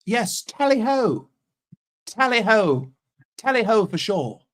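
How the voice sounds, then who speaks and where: A man's voice: sits high, sing-song, takes it slowly, a bit bright, voice pushed up, exaggerated voice. An American man putting on a mocking, snooty posh British accent. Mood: pompous. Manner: exaggerated snooty mock accent. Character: mock posh British man, pompous and smug.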